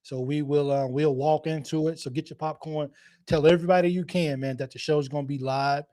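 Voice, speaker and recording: A man's voice: a little high, steady tone, a little fast, mellow. Chatty man hosting a fan stream. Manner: chatty, rambling, repeats himself, laughs often. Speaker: fan show host. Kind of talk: casual live-stream chat.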